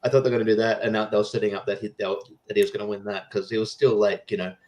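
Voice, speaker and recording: A man's voice: fairly low pitch, flat delivery, rapid-fire, a little mellow. A man co-hosting a podcast in casual chat, stammering and repeating words. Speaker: podcast co-host.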